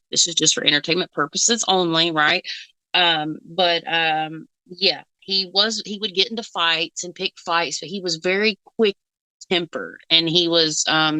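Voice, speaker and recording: A woman's voice: fairly low pitch, sharp tone, clear, resonant tone, dry recording, rough recording. A woman co-hosting a casual reaction chat as a psychic, rambling with fillers and frequent giggles. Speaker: psychic co-host.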